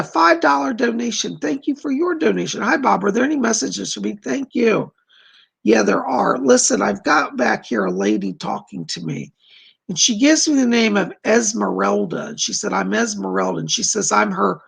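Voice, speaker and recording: A man doing live psychic readings on a stream, reading viewer questions aloud and gently relaying reassuring messages. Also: high-pitched, vocal fry, breathy edge. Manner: gentle, reassuring, calls people darling.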